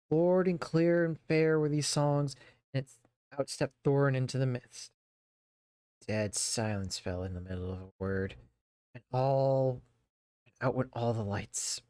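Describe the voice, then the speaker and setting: Streamer doing a casual read-aloud at home, mid pitch, dead dry mic, trips over words and chats in between. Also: a little mellow, clean tone, no room sound. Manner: reads steadily, stumbles over words and breaks off for playful asides. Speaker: streamer reading a book aloud to chat. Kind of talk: casual read-aloud storytelling with chatty asides.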